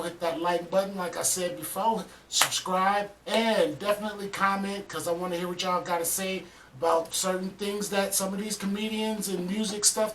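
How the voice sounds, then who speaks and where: A man's voice: high voice, slight background noise. A man hosting a reaction video, talking in a casual, easygoing way to his viewers. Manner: easygoing, relaxed fan talk. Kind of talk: casual chat. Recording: roomy echo, mic at a distance.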